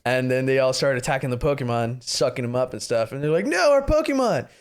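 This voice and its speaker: A man's voice: medium pitch, fairly even intonation, quick pace, clear, resonant tone. A man co-hosting a podcast, casually retelling a movie with lots of laughter and swearing. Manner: laughs often, swears freely, rambling retelling. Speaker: podcast co-host. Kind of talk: casual movie recap chat.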